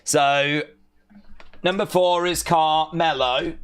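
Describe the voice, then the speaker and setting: A man streaming a live watch-along, giving excitable, chatty commentary with mock outrage. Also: on the high side, unhurried.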